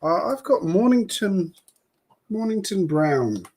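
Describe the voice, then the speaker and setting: A man's voice: sits high, very animated, takes it slowly, darkish tone, husky. Chatty Australian man, easygoing live stream host. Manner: chatty and rambling, with filler words and apologies. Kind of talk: casual live stream chat.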